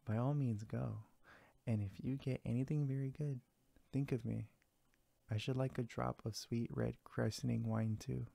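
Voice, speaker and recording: A man's voice: mid-range voice, fairly even intonation, normal speed, vocal fry, dark tone, no room sound. A man voicing a trusting, good-natured female mouse in a read-aloud fairy tale, asking earnest, puzzled questions.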